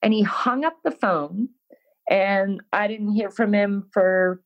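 A woman's voice: medium pitch, takes it slowly, lo-fi sound. A woman guest in an interview, telling a personal story in a frank, self-deprecating way and acting out her own past words. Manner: frank, self-deprecating, animated when quoting herself.

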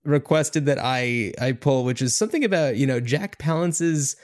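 A man's voice: mid-range voice, moderate pace, darkish tone. Rambling male podcast co-host. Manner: rambling, hedging, many fillers. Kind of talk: casual film-review chat.

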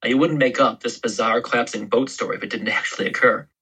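Historian guest, male, bright and slightly husky, rambling explainer. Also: mid-range voice, fairly even intonation, quick pace, low-quality recording. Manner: explains history in long, loose storytelling turns. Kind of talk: podcast interview.

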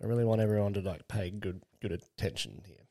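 A man's voice: lowish voice, lively intonation, fast talker, gravelly, dark tone. Crude, rambling man in his late twenties. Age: late 20s. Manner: crude, rambling, laughs while telling stories. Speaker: podcast co-host. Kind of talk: casual storytelling chat.

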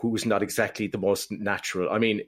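A man's voice: on the low side, flat delivery, fairly quick, breathy edge. A man co-hosting a casual podcast, joking and self-deprecating, often restarting his sentences. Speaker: podcast co-host. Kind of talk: casual chat.

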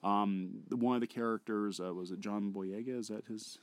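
Rambling low-voiced male podcast host. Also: fairly even intonation, moderate pace, dry recording. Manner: rambling, hesitant with many fillers. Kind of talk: casual chat.

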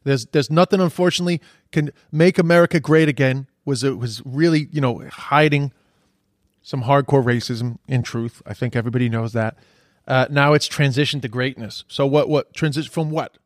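The commentator's voice sits in the mid range and moves at a moderate pace, captured in a dry, studio-quality recording. He rants angrily about social media posts, cursing and repeating himself when heated.

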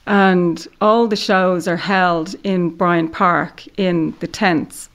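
A woman and former model, a guest on a podcast, telling a story in a relaxed, chatty way with lots of "like" and "you know". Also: on the low side, takes it slowly. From Ireland. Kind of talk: casual interview storytelling.

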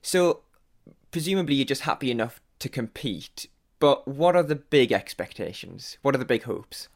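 A man's voice: medium pitch, lively intonation, moderate pace. Guy hosting a podcast, chatty, laughs easy. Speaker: podcast host. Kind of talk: podcast interview.

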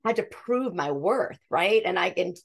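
A woman's voice: lowish voice, expressive, moderate pace, creaky, slightly rough. A woman in her fifties, a podcast guest telling her story in an earnest, rambling way, often restarting her sentences. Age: 50s. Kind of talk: conversational interview storytelling.

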